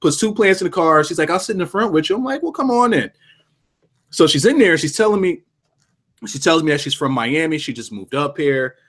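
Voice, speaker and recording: Lively young man telling a story. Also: fairly high pitch, a little fast. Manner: animated storyteller, lots of restarts and swearing. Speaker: podcast co-host. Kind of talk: casual storytelling chat.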